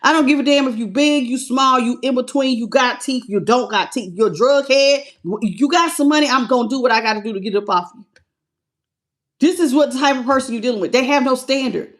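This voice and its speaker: During a live tarot reading, a woman with a high-pitched voice talks a little fast, blunt and sassy. She calls her viewers baby and honey and greets live chat viewers by name.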